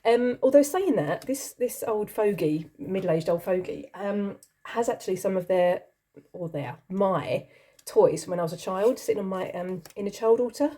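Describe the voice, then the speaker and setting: A middle-aged woman who hosts a channel chats casually while working through a list of questions, rambling, giggling, and poking fun at herself. Her voice is mellow and medium-pitched, with a moderate pace. She lives in a country she isn't originally from.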